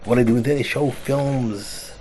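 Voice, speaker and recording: A man, a rabbi, telling an animated parable in casual talk, sprinkled with Hebrew and words. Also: medium pitch, normal speed. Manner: animated storyteller, acts out voices. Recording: noisy recording.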